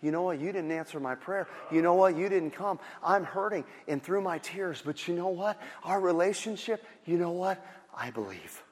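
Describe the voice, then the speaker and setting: A man voicing a grieving woman who quietly and repeatedly declares her faith. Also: high-pitched, lively intonation, moderate pace, long reverb tail. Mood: quiet resolve. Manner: repetitive, soft and hushed.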